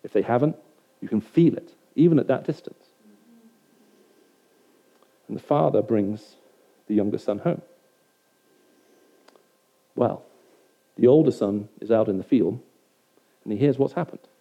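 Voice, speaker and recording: Dark-voiced man preaching conversationally. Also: medium pitch, lively intonation, a little slow, vocal fry, pauses often. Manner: conversational, keeps checking in with the audience. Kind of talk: sermon to a live audience. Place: hall with an audience of about a hundred. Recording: dull lo-fi recording.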